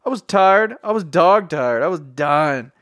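A young man from Tennessee with a Southern drawl, talking excitedly and loosely in a casual motivational vlog. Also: fairly high pitch, a little slow, no room sound, clean studio sound. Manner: excitable, slangy, repeats himself. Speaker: vlogger.

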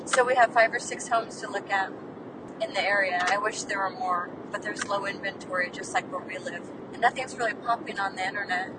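A woman's voice: brisk, recorded from a distance. A woman podcast host chatting and teasing on a road trip, laughing often, recorded inside a moving car. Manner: giggly, teasing. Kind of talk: casual chat on a road trip. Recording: road noise, voice off-mic. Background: engine and road rumble.

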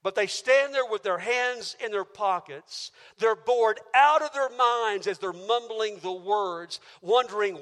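High bright-voiced preacher in a reverberant hall. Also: male voice, measured pace, hardly any pauses. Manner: emphatic, builds with rhetorical questions. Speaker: pastor. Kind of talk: sermon. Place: church auditorium.

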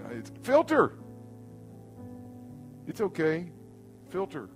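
Male pastor preaching in a church, fairly high voice, animated, swings between loud and hushed. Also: measured pace, pauses often, soft background music. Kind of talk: sermon. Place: church room.

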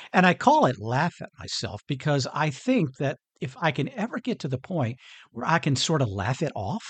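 Husky, lively-voiced male podcast host. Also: mid-range voice, no room sound. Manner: earnest, conversational, chuckles often. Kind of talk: motivational solo podcast talk.

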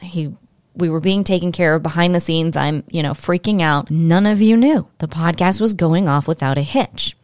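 A woman's voice: on the low side, no echo. A woman hosting her own podcast, telling a personal story in a candid, emotional, chatty way straight to her listeners. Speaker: podcast host.

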